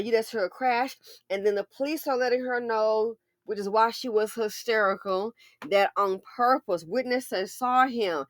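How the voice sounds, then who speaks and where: A woman giving casual commentary on a news story, animated and talking straight to her viewers. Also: fairly high pitch. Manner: animated, addresses viewers directly.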